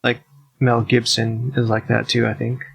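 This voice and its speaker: A man's voice: mid-range voice, completely flat delivery, unhurried, vocal fry, husky, no room sound. Blunt, rambling male podcast host. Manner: rambling, blunt and offhand, with casual swearing. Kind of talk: casual solo podcast monologue.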